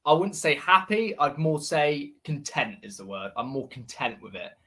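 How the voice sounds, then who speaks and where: Bright-voiced young man with a West Country accent. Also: on the high side, big pitch swings, moderate pace, breathy edge. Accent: West Country English. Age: 20s. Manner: chatty, rambling with fillers. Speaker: co-host. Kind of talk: casual football chat.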